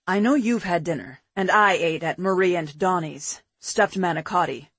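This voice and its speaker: A woman narrator voicing a calm, caring adult man in an audiobook, speaking steadily and methodically. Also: on the low side, normal speed, breathy edge, no echo, voice pushed down. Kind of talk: audiobook character voice.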